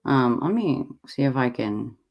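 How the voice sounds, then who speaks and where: A host chatting on a home livestream, easygoing and a little halting, thinking aloud as they talk. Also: mid-range voice, very animated, muffled recording. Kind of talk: casual livestream chat. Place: home with many devices running.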